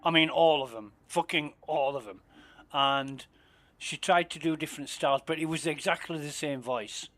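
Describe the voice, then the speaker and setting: A man's voice: fairly high pitch, moderate pace, fairly bright tone. A man streaming a space game, chatting casually, swearing freely and muttering asides under his breath. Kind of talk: casual gameplay commentary.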